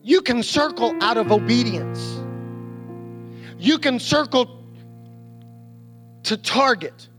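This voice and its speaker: A man preaching a sermon as a pastor, animated, with restarts and quotes he acts out. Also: very high-pitched, slow, pauses often, music in the background.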